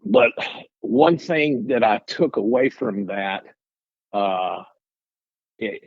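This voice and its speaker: A man's voice: lowish voice, sing-song, slow pace, creaky, slightly rough, no room sound, dull audio. A middle-aged man from Arkansas, telling his story in a rambling, folksy way with restarts. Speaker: guest telling his encounter. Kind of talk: casual storytelling interview.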